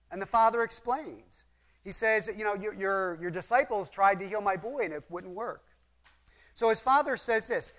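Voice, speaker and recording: Male Bible teacher with a high-pitched voice, earnest and explanatory, asks questions of the listeners. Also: moderate pace, a bit bright. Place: room with a map display.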